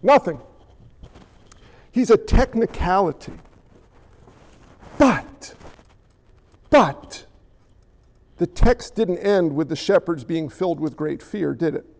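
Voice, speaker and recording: A man preaching a sermon dramatically, firing rhetorical questions at the congregation and swinging between forceful declarations and hushed asides. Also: fairly high pitch, moderate pace, creaky. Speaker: pastor.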